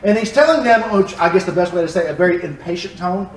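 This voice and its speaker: A man teaching a Bible lesson in a church, animated and joking as he explains the text. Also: high voice, fast. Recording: echoey room, distant mic.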